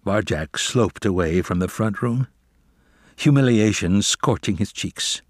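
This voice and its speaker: An audiobook reader, a man with a fairly low voice, narrates a children's novel from a script in a measured, expressive storytelling style. The recording is studio quality with no room sound.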